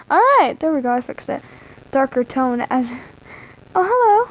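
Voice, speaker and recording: A woman's voice: high-pitched, big pitch swings, normal speed, pauses often, a little hiss or hum, poor audio. A young woman casually reading a fan-fiction story aloud on a live stream, often breaking off to chat and joke. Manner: chatty, easily distracted, breaks off to joke.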